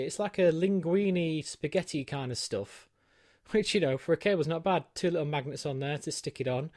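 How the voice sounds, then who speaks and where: This British tech reviewer has a mid-range, somewhat dark voice and gives a chatty, self-deprecating unboxing and set-up walkthrough of a gadget, full of ums. He's in his small home studio, and the recording has no room sound.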